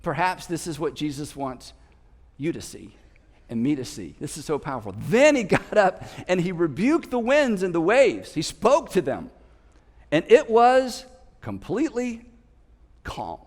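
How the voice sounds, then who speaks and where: Animated high-voiced pastor preaching in a hall. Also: male voice, normal speed. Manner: animated storytelling, shouting out the disciples' lines. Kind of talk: sermon. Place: church auditorium.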